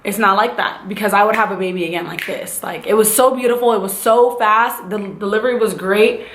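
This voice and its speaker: A young woman vlogger telling a casual, animated storytime, acting out the voices of the people in it. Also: medium pitch, a little fast, echoey room. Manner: animated, acts out voices and sound effects.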